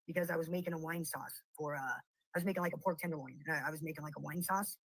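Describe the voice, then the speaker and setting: A woman's voice: sits low, fast talker, a bit bright, slightly rough, no room sound, low-quality recording. A woman host in a casual livestream chat, telling stories bluntly and with plenty of swearing. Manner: blunt, profane storytelling. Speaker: channel host.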